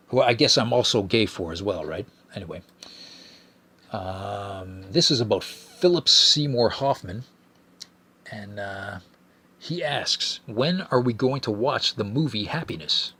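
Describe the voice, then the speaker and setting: Low husky guy rambling thru listener messages, swears a lot, trips over his words. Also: fairly bright tone. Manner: profane, rambling, stammers and restarts. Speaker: podcast host. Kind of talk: casual solo podcast chat.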